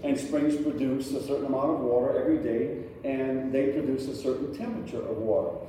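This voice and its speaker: Middle-aged man, pastor, chatty sermon with questions to the pews; dark tone, far off in a reverberant sanctuary. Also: mid-range voice, steady tone, fairly quick, a little hiss or hum. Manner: conversational preaching, questions to the congregation. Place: church sanctuary. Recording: echoey hall from far off.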